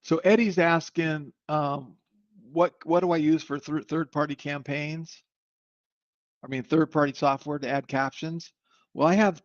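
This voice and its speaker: A man hosting a live webinar, demoing software in an upbeat, rambling sales manner. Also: on the high side, no echo. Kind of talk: live online product demo. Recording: slightly muffled dry audio.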